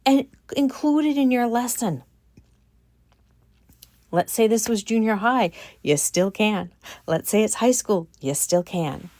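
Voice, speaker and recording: A woman giving a casual commentary monologue on her channel, animated and incredulous, repeating her points for emphasis. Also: a little high, a little slow, no room sound. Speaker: vlogger.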